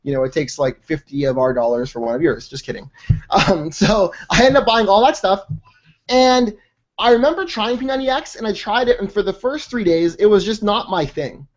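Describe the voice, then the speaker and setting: A man who works as a fitness coach, telling a personal story as a guest speaker on a team call in an energetic, chatty way with many fillers and mild slang. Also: high voice, normal speed. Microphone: conference call line. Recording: dull lo-fi call audio.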